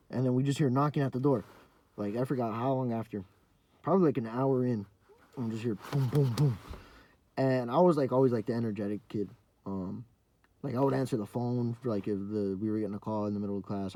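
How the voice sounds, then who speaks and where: A man's voice: medium pitch, darkish tone, no echo. A young man hosting a podcast, telling a story in a rambling, profane way full of fillers and restarts. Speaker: podcast host. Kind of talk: casual storytelling.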